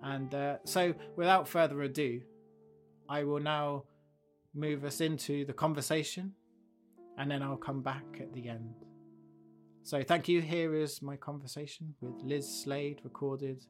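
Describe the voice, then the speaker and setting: A man hosting a podcast, telling a fable and then reflecting on it in a gentle, thoughtful way. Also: on the high side, fairly even intonation, a little slow, soft background music. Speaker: podcast host. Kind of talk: storytelling and reflective commentary.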